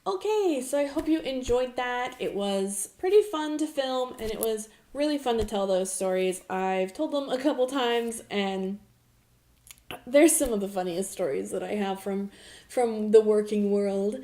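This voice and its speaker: A young woman vlogger telling a story in a casual, animated way, laughing often and saying "like" a lot. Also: on the high side, unhurried. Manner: animated, with frequent laughs and filler "like".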